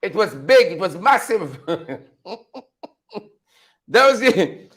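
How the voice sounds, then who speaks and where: A man's voice: high-pitched, very animated, takes it slowly, a bit bright. A man hosting an unscripted political commentary show, mocking his subjects, laughing often and repeating phrases for effect. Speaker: show host.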